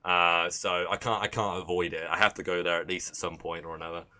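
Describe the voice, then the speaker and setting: A young man with an English Midlands accent talks loosely to his stream audience, his voice bright and forward. He rambles, swears freely and trips over restarts as he chats. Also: deep voice, level tone, fairly quick. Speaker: livestream host. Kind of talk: casual livestream chat.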